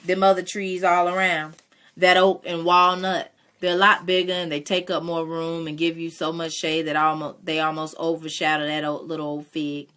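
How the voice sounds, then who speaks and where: A woman reading aloud, voicing a weary farmer father who speaks slowly and earnestly to his daughter. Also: low voice, little pitch movement, fairly bright tone, smooth. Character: weary Southern farmer father, gentle and steady.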